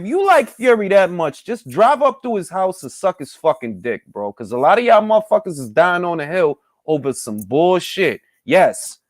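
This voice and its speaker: Animated, profane man ranting about boxing. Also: high voice, dry recording, studio quality. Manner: animated, profane, heated, addresses fans as y'all. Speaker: boxing talk show host. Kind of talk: casual opinion rant.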